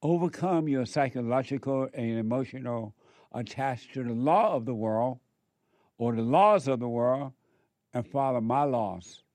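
A male preacher delivering a sermon at an unhurried, deliberate pace. He hammers on repeated phrases and speaks directly to his listeners, and the sound is dry and close. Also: medium pitch, a little mellow, dry recording. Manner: repetitive, exhorting, addresses listeners directly.

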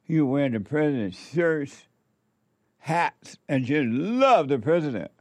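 A man's voice: a little high, very animated, unhurried, dry recording. A man giving commentary, drawing out words with sermon-like emphasis. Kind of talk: slow, preachy commentary.

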